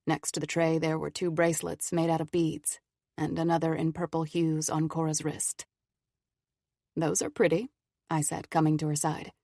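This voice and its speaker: A woman narrating an audiobook in an even, measured way. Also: deep voice, creaky, no room sound, studio quality. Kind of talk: scripted narration.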